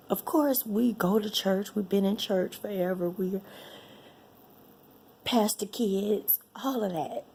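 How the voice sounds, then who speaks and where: Slow, gravelly woman telling a story. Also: mid-range voice, darkish tone, a little hiss or hum. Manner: emotional, repeats phrases, drops to a breathy whisper. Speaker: vlogger sharing a personal testimony. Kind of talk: personal storytelling.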